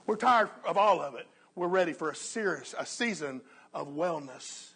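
Earnest high-voiced male preacher. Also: animated, normal speed, creaky, slightly rough. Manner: earnest, dips to a soft hush on key phrases. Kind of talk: sermon.

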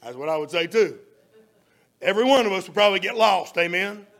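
A man preaching a sermon, swinging between shouted emphasis and soft near-whispers. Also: high-pitched, lively intonation, fairly quick. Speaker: pastor.

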